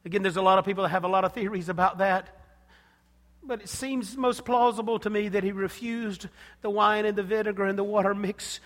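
A man preaching a sermon with passion, dropping to a hush and then rising loud. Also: high-pitched. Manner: impassioned, swinging from hushed to loud. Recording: long hall reverb.

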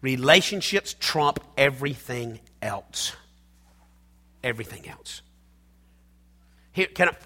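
A man's voice: medium pitch, big pitch swings, a little slow, long pauses, pushed and bright. Emphatic preaching man in an echoing hall. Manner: emphatic preaching, repeats phrases, calls out to the congregation. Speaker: pastor. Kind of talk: sermon. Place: church hall.

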